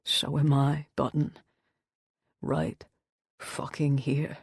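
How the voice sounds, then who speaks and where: A woman voicing a troubled male rockstar who speaks softly in a subdued, confessional tone, in an audiobook. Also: level tone, takes it slowly, creaky, slightly rough, no echo, studio quality, exaggerated voice. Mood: hushed. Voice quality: soft, low and subdued. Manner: quiet, confessional. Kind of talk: audiobook character voice.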